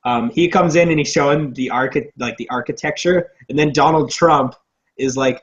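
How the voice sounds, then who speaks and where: A young man co-hosting a casual movie podcast, rambling, profane and excitable. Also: mid-range voice, normal speed, highs cut off. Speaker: podcast co-host.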